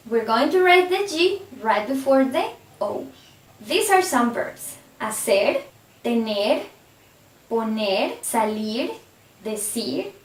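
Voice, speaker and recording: A woman with a high voice teaches a language lesson and reads out verb forms with slow, careful pacing. She sits some distance from the mic, and the room gives her voice a clear echo. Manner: slow, careful conjugation drills. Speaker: Spanish teacher. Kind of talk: scripted lesson narration.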